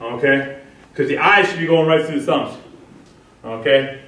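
Recorded by a mic held far away in a reverberant indoor training space with a wall, a man leads a defensive line clinic demonstration. His mid-range voice sounds pushed and bright at a moderate pace as he calls cues and checks in with "okay?".

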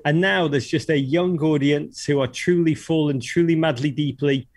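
Exuberant Liverpool man, fairly high voice. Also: moderate pace, a little mellow, dry recording. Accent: Liverpool English. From England. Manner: exuberant, self-described hyperbolic talker. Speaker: guest. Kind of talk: casual radio interview.

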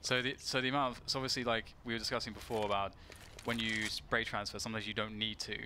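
A man's voice: fairly low pitch, level tone, fast. A man commentating live on an esports match, rambling with many fillers and restarts. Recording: loud game noise under voice. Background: loud gunfire from the game.

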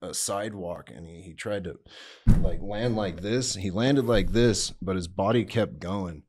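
A relaxed man, his voice sitting low, tells rambling stories in easy casual chat. He swears freely and acts out what people said. A guest musician sharing wild memories. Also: measured pace. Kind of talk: casual storytelling.

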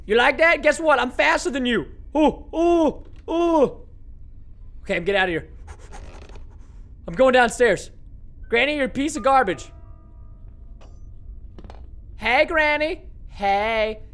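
A young man doing horror game commentary, excitable and panicky, often yelping and shouting and taunting the game. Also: very high voice, unhurried, long pauses. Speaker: gaming YouTuber.

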